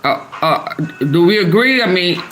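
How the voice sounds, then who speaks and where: Reading her viewers' comments aloud on a live stream, the middle-aged woman answers them chattily and laughs often. Her voice is on the low side, expressive and a bit bright, at normal speed.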